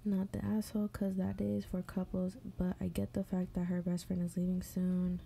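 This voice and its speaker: A woman with a low, gravelly voice and a very dark, mellow tone gives blunt, profane running commentary. She chats casually while doing her makeup, reading stories aloud and dropping into mumbles under her breath. She sounds like the host of an advice show. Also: monotone, moderate pace, slight background noise.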